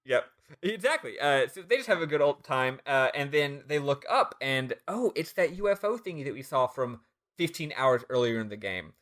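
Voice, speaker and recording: A man co-hosting a podcast, recapping a game in casual chat, laughing often and swearing, acting out the characters in quick bits. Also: mid-range voice, lively intonation, a bit bright. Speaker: podcast co-host.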